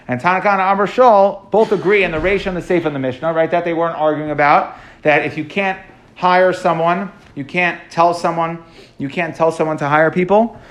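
Male teacher giving a Talmud class, slightly high voice, translates and explains as he goes with lots of "um" and "okay". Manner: quick explanatory, translating line by line with frequent fillers.

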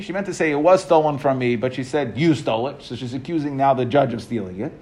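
Male teacher, mid-pitched, reads and explains in a relaxed, halting classroom style. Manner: reads Aramaic text aloud then explains in English, halting with restarts. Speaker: Talmud teacher.

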